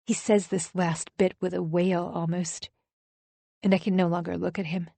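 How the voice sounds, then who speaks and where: A woman's voice: lowish voice, little pitch movement, normal speed, gravelly, mellow, no echo. Female audiobook narrator, first person, intense dramatic read, dry booth. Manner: dramatic, emotionally charged reading.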